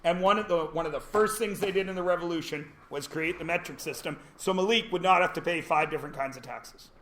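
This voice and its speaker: A man's voice: on the high side, fast, a bit bright, a little hiss or hum. A man teaching a classroom lesson, joking and quizzing his students as he goes. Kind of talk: classroom lecture.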